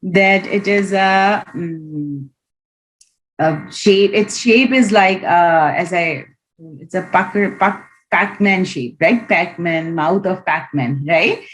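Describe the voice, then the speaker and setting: A woman's voice: lowish voice, slow, poor audio. A woman teaching Quran reading in an online class, patiently demonstrating each letter sound aloud over a video call.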